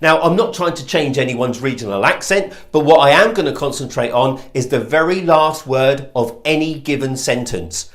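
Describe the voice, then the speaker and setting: A man giving an emphatic lesson on sales calls, stressing key words and demonstrating voice tones. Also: mid-range voice. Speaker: sales trainer. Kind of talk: instructional talk to camera.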